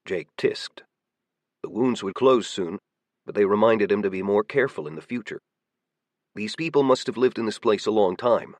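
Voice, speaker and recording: A man giving steady, measured audiobook narration. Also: on the low side, no room sound.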